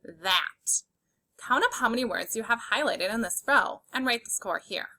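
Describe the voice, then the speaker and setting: A woman's voice: fairly high pitch, animated, bright, forceful tone. A woman teaching a phonics reading lesson to young children, sounding out letters one by one and cheering them on. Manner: slow, clear, encouraging; sounds out letters one by one.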